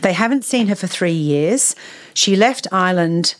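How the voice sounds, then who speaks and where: A woman's voice: on the low side, expressive, moderate pace. A woman chatting enthusiastically about a novel she read, laughing now and then. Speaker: book reviewer. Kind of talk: casual book chat.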